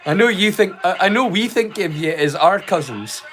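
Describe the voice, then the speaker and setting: A man's voice: high voice, lively intonation, moderate pace, fairly bright tone. A Scottish man hosting a livestream, chatting casually to his viewers in a rambling, sweary way and laughing easily. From Scotland. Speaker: livestream host. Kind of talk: casual chat.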